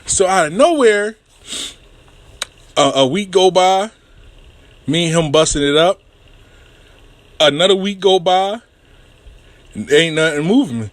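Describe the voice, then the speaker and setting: A man hosting his own show who tells a story in a casual, profane, animated way and acts out the voices and sounds. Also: high-pitched, measured pace, pauses often. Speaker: show host.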